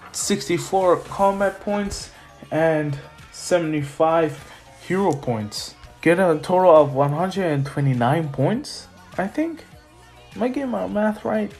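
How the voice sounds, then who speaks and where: A man's voice: a little high, darkish tone. A young man casually retelling an anime story as a fan, rambling, correcting himself and laughing at his own slips.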